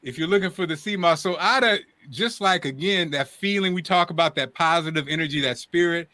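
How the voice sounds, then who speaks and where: A man hosting a morning talk show, with a high, ringing, bright voice. He tells stories in a lively, emphatic way and often circles back over his own words. The sound is close and dry. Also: fairly quick, no room sound. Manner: lively, emphatic storyteller who repeats himself. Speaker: show host. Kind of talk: casual talk-show chat.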